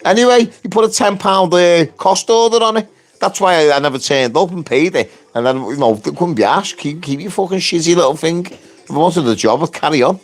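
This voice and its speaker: A man's voice: on the high side, brisk. Swearing man on a rant. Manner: ranting, heavy swearing, blunt. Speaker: construction worker and union activist. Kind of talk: angry live-stream rant.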